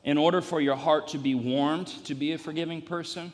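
A male pastor delivering a sermon, emphatic and repetitive, rising to loud peaks in a church. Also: a little high, steady tone, brisk, long reverb tail. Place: church sanctuary.

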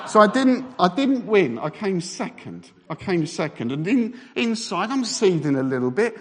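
A man's voice: moderate pace, slight background noise. A middle-aged man, a Baptist minister, telling a self-mocking story in a sermon. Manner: animated, self-mocking anecdote with lively pitch swings.

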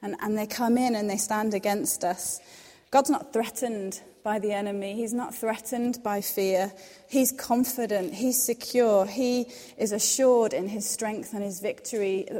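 A young woman gives a devotional talk in a mellow, soft-edged voice. She sounds earnest and reassuring and drops softer when she quotes scripture. Her voice carries a long hall reverb. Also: medium pitch, steady tone, a little slow. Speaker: devotional speaker. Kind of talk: devotional teaching.

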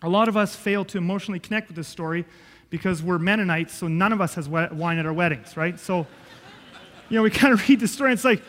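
A man with a high voice preaching to a congregation, telling the story with animated swings from loud bursts to quiet asides. His voice carries a long reverb from a church hall. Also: fast. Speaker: pastor. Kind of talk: sermon.

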